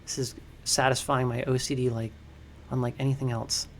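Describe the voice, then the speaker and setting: A young man chatting excitedly to his viewers while building in a game, slangy and easily distracted. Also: medium pitch, normal speed, a little hiss or hum. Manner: chatty, hyped, slangy, talks to chat as crew. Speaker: game streamer. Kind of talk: casual livestream commentary.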